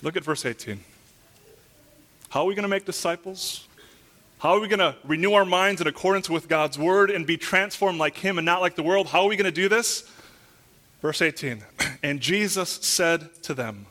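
A man preaching from the pulpit to his congregation, his voice bright and ringing and pitched a little high. He works through earnest rhetorical questions and swells into loud, emphatic peaks when he reads scripture. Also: moderate pace. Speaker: pastor. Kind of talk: sermon. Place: church.

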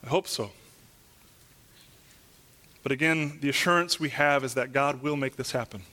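A man preaching a sermon as pastor in a church, asking earnest rhetorical questions and building to loud, emphatic peaks over scripture. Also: mid-range voice, normal speed.

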